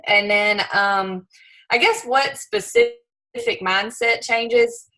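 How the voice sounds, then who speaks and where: Lady on a team call, bright voice, chatty, restarts a lot. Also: on the high side, sing-song, slow, low-quality recording. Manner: emotional, earnest, chatty with restarts. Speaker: new regional director, health coach. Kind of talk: casual team call talk.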